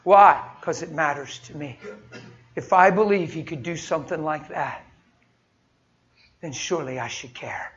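A man preaches a sermon in an earnest, folksy, conversational storytelling style. His voice is a little high and a bit bright, unhurried, with long pauses. The recording sounds dull and muffled, with faint noise.

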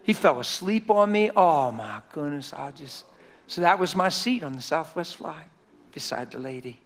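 A man preaching a sermon through folksy, animated personal stories. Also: fairly high pitch, normal speed. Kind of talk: storytelling sermon.

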